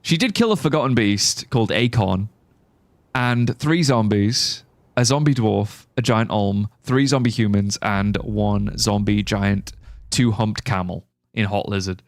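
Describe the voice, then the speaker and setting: A man livestreaming a game in casual chat, excitable and laughing often, with quick exclamations. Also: on the low side, dry recording. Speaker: live streamer.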